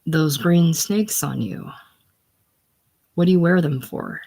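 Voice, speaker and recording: A solo reader voicing a tough, wisecracking young drifter man in a casual play reading, slow and wry. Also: mid-range voice, creaky, warm tone.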